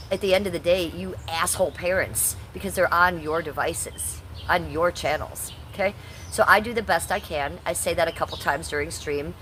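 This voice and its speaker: A woman's voice: on the low side, fairly bright tone, slight background noise. Blunt, combative woman in her fifties. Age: 50s. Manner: blunt, combative, swears at chatters. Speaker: live streamer. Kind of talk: casual live-stream chat, reading and answering the chat.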